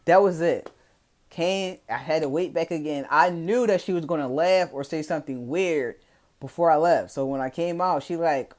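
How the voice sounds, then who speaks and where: A man's voice: on the high side, moderate pace. Laid-back Philadelphia man telling a story. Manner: profane, laid-back slang-heavy storytelling. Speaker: vlogger. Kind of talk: casual storytime.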